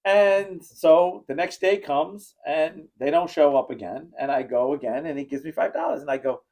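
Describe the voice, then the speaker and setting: A man with a fairly high voice tells rambling stories on a casual podcast. He acts out the people in his anecdotes and breaks into loud laughter now and then. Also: moderate pace, few pauses. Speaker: podcast host. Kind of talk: casual storytelling chat.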